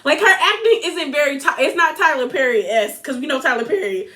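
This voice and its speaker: A woman hosting a casual reality TV recap vlog, animated and laughing often as she mimics people. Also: high voice, a little fast.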